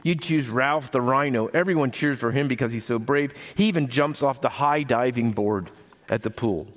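A man's voice: medium pitch, normal speed, close to an everyday voice. A man voicing a gloomy young boy elephant in a children's story read aloud, in a raised, pleading voice. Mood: eager guessing.

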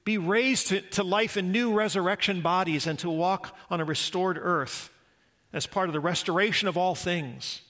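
A man's voice: sits high, sharp tone. A man preaching a sermon as a pastor, earnest and reflective, posing rhetorical questions to the congregation.

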